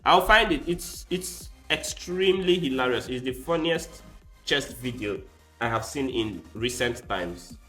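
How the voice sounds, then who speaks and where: A man talks loosely to his stream audience, drifting from one thought to the next as if chatting with friends. His voice sits at an ordinary pitch with a bright, forward edge. Quiet music plays behind him. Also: animated, measured pace. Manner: rambling, chatty, talks straight to his viewers. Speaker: chess streamer. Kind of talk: casual livestream chat. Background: faint background music.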